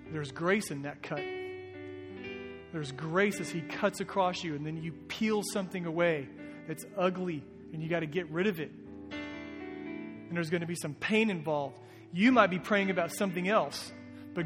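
Pastor guy preaching, kinda high voice, casual and earnest, echoey church sound. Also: moderate pace, long pauses. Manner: earnest, conversational preaching with rising emphasis. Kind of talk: sermon. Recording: long reverb with soft guitar behind.

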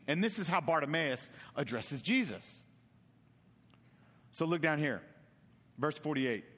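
A man's voice: fairly high pitch, big-room sound. A man from Texas preaching a casual sermon, telling stories and acting out the characters in funny voices. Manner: animated storytelling, acts out characters with voices.

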